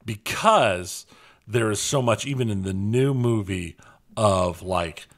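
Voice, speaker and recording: A man co-hosting a gaming podcast in casual chat, joking dryly and pitching absurd ideas with a straight face. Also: expressive, slow pace, creaky. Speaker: podcast co-host.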